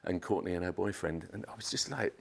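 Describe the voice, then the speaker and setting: Deep-voiced guy spinning a crazy story, swears a lot, does the voices higher. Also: quick pace, gravelly, slightly rough. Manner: animated storyteller, swears, acts out quotes in a raised voice. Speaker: podcast guest, photographer. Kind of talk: casual anecdote telling.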